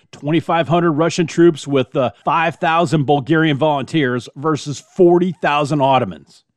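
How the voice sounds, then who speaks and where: Man, podcast host, chatty, self-deprecating, slightly high voice, dry close sound. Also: dry recording. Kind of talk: informal history podcast narration.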